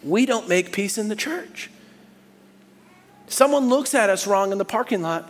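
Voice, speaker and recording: Male pastor, high voice, animated sermon delivery, echoing sanctuary. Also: measured pace. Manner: animated, swings from hushed to loud and high when acting out people. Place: church sanctuary. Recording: long hall reverb.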